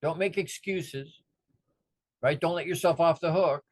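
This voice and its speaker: Animated man giving a motivational talk. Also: a little high, measured pace, no echo. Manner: animated, acts out the voices of people in his stories. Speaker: motivational speaker.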